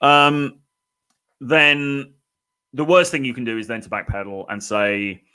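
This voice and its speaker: Male dating coach, mid-pitched, conversational, filler-heavy delivery. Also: flat delivery, measured pace, pauses often, bright, forceful tone, clean tone. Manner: chatty, lots of "um" and "you know, okay?". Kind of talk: casual advice talk to camera.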